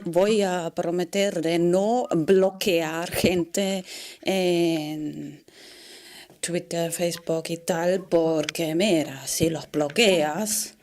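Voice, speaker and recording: A woman giving a rambling comedic monologue in a halting way, often dropping into a whisper and breaking into giggles. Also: fairly low pitch, steady tone, darkish tone, slight background noise. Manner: slow, halting delivery that drifts into whispers. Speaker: vlogger.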